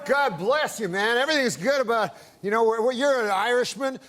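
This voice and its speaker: A man's voice: very high-pitched, fairly quick, hardly any pauses, fairly bright tone, slight background noise. A man who is a comedian on a talk show, telling a rambling story in a laid-back way and peppering his talk with "man". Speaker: guest comedian. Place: television studio with live audience.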